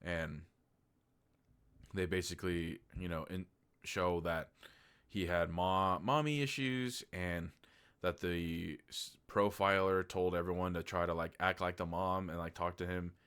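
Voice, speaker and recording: A man's voice: deep voice, fairly even intonation, a little slow, fairly bright tone, clear, resonant tone. A man giving a casual, rambling movie review, candid and loose, with lots of filler words and the odd swear.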